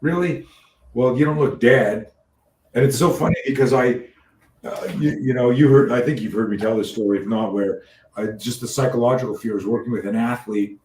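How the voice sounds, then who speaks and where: A man hosting a podcast interview, telling stories in an animated way, swearing freely and often restarting his sentences. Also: medium pitch, a little fast, reverberant, recorded from a distance, a little hiss or hum, low-quality recording. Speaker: podcast host. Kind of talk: casual interview chat.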